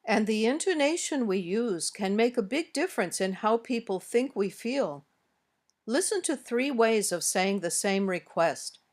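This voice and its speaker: Woman teaching intonation, slow and clear. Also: on the high side, lively intonation. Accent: American. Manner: slow, careful, clearly modeled example sentences. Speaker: English teacher. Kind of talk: scripted instructional narration.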